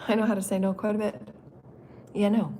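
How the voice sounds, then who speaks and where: A woman's voice: mid-range voice, dark tone, slight background noise. A woman in her fifties hosting a spiritual channeling livestream from an indoor meeting room, talking in a loose, rambling way, laughing often and swearing freely. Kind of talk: casual rambling livestream chat.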